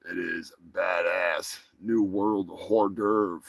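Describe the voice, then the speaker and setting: A gravelly, slow-talking man hosts a live comedy stream. He rambles and swears freely, and his voice keeps jumping up in excited bursts. His pitch sits a little low. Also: no echo. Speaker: host. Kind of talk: casual live-stream chat.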